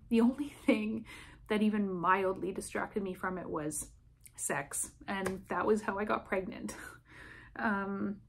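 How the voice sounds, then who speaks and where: A woman giving candid personal testimony to camera, speaking in a halting, emotional way with frequent restarts. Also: mid-range voice, vocal fry. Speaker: vlogger sharing a personal experience.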